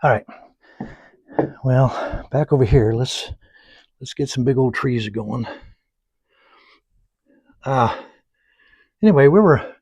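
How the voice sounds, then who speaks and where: A man teaching oil painting, rambling through folksy anecdotes and muttering softly to himself while he paints. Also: mid-range voice, takes it slowly, pauses often, slightly rough, no echo. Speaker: painting instructor. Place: painting studio.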